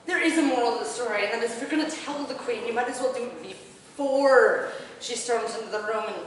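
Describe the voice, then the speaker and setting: A woman's voice: a little high, a little fast, a little hiss or hum. A woman bard telling a comic story live, laughing as she goes and acting out characters' lines. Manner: laughs through her own story; acts out characters' lines in bursts. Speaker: bard at a gathering. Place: large hall at a live event. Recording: echoey hall from far off with audience. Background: audience murmur and laughter.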